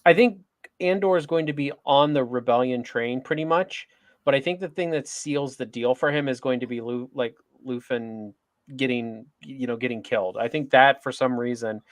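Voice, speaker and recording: A man with a mid-pitched voice on a dry, close recording, chatting in a casual review. He spins theories eagerly and stumbles over his words as he goes. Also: normal speed, dry recording. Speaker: podcast co-host.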